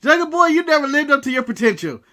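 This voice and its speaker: Brash American podcast co-host, very high bright voice, loud joking rants. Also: male voice, very animated, quick pace. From United States. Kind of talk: casual wrestling recap chat.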